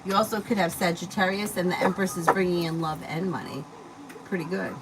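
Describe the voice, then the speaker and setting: A woman with a fairly low, steady voice talks quickly while doing a live-stream tarot reading from home. She reads viewer questions aloud, then answers them loosely and casually with plenty of fillers. The home recording is noisy.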